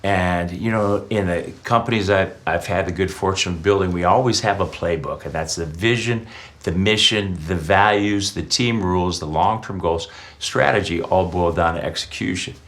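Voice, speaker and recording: A man's voice: sits low, moderate pace, fairly bright tone. A middle-aged man answering interview questions in a reflective way, sharing personal anecdotes. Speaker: interview guest.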